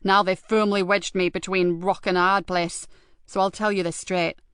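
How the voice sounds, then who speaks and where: A woman reading an audiobook, voicing a gruff, loyal male police superintendent in a blunt, dry, fatherly manner. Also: mid-range voice, level tone, normal speed, a bit bright, dry recording, close to an everyday voice. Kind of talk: audiobook character voice.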